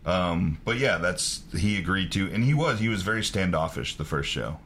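A man's voice: low voice, normal speed, a little hiss or hum. A man, a wrestling promoter telling a story in a casual chat, swearing often and laughing as he talks. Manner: profane, laughing, animated storyteller. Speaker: wrestling promoter, podcast co-host.

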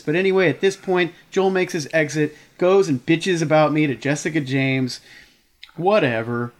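A man in his thirties telling a heated story in casual chat, swearing often. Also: fairly high pitch.

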